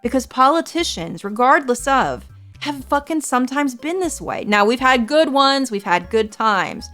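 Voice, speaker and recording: A woman's voice: high-pitched, expressive, normal speed, a bit bright, faint music behind. A woman in her forties from the United States, a streamer chatting casually with viewers in an earnest, reassuring way and swearing freely. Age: 40s.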